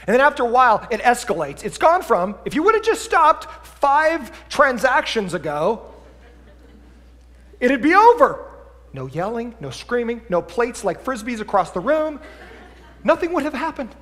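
A man preaching a sermon as pastor, lively and conversational, swinging between quiet asides and loud emphatic bursts. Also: extremely high pitch, normal speed, big-room sound. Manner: animated preaching, drops to a quiet voice for acted asides then climbs loud. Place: church sanctuary.

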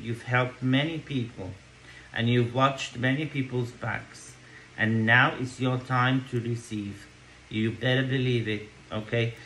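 A man's voice: mid-range voice, sharp tone, a little hiss or hum, poor audio. A man giving a tarot card reading to camera, reassuring, checking in with "okay?" and "yeah?" between thoughts. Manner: reassuring, repeats "okay?" often. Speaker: tarot reader.

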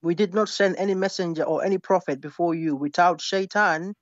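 A man's voice: sits high, a little fast, no echo. A man calling into a live debate, insistent and laughing, often asking to explain. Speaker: caller. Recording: dull dry call audio.

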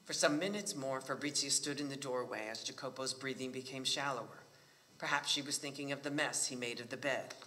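A man reading a novel aloud at a library book talk, with a measured storytelling cadence. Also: medium pitch, bright, forceful tone, long reverb tail.

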